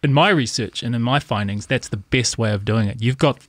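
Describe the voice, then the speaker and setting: A man's voice: medium pitch, a little fast, no echo. A man co-hosting a podcast, talking casually and rambling, checking in often with "right?". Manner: rambling, lots of "right?" and "yeah". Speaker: podcast co-host.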